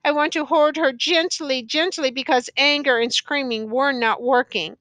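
A frustrated young male teacher protests in exasperation, voiced by a woman reading an audiobook. The voice is high and bright, recorded dry and close. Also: steady tone, moderate pace, no room sound. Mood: exasperated.

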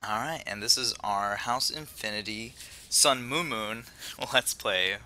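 A man's voice: medium pitch, unhurried, bright, forceful tone. A man hosting a casual let's play, talking in a loose, rambling way with lots of "kinda" and "just". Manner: loose and rambling, with many fillers. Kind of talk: casual gaming chat.

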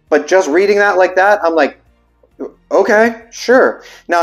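A man, a vocal coach, reading terms aloud and reacting with puzzled asides, now and then singing vowels to show them. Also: sits high. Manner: breaks into sung vowel demonstrations. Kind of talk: casual explainer video.

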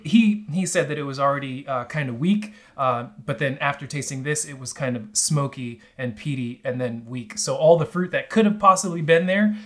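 A man's voice: medium pitch, normal speed, few pauses, a bit bright. Easygoing man describing whisky flavors. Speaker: whisky reviewer. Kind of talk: casual tasting chat.

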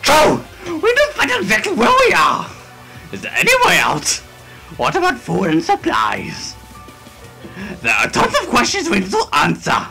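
A man's voice: sits high, moderate pace, creaky, over music. A young man doing a drunken comic dub of game dialogue, heckling and jumpy. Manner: heckling, jumpy, swings from flat to shouting. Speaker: player voicing game dialogue.

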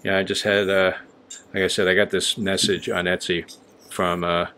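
A man's voice: low voice, flat delivery, moderate pace, pushed and bright, slight background noise. Blunt, swearing man on a casual vlog. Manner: blunt, ranting, swears freely; loose and rambling with many fillers. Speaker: vlogger honing straight razors.

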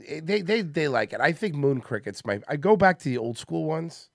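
A man's voice: a little high, animated, moderate pace, gravelly, no room sound, clean studio sound. A man hosting a comedy podcast, rambling and joking in casual banter, worn out from a busy day. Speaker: podcast host.

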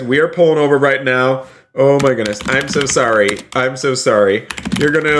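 An eager man commentates his game stream in a voice of ordinary pitch. He narrates every move to his viewers with constant exclamations and says many lines twice. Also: a bit bright, a little hiss or hum. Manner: repeats phrases, keeps saying "you guys". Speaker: streamer playing a roleplay game.

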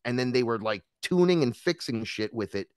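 A man guesting on a podcast, telling animated stories in casual chat, swearing freely and acting out the voices of people in his tales. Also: mid-range voice, brisk, clean tone, no room sound, clean studio sound.

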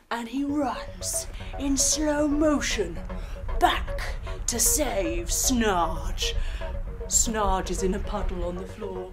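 A woman's voice: mid-range voice, drawn-out words, music in the background. A woman leading a kids' yoga session as a storyteller, playful, with sound effects and animal noises. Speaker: kids yoga teacher and storyteller.

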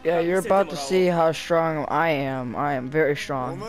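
A young man giving casual, rambling commentary while playing a fighting game, getting excited and shouting at the game. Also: on the high side, normal speed, music in the background. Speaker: gameplay commentator.

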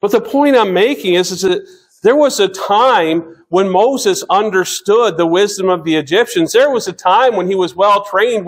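High-voiced preacher in his fifties. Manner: earnest, slows down to read scripture, frequent restarts. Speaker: pastor. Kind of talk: sermon.

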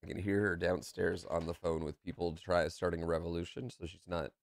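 Playful streamer man with a gravelly voice. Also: low-pitched, little pitch movement, brisk, no echo, studio quality. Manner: chatty, playful, swings between muttering and loud calls. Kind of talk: live gameplay commentary. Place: room at home.

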